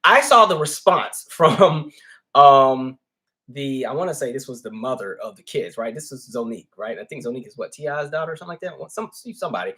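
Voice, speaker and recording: A man's voice: medium pitch, animated, a little fast, bright, forceful tone. Chatty man hosting a casual commentary. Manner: chatty, asks "right?" and "you know" often; candid, easygoing storyteller. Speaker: host.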